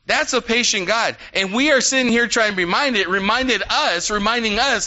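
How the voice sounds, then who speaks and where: Man preaching, lively and conversational, very bright, forceful voice. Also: extremely high pitch, moderate pace, hardly any pauses. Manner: animated, conversational preaching with asides. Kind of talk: sermon. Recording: dull lo-fi sound.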